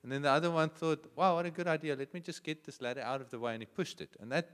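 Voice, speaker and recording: A male pastor with a South African accent preaching a sermon, swinging from hushed, prayerful tones to loud, passionate cries. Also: a little high, quick pace, clean tone, in a large hall.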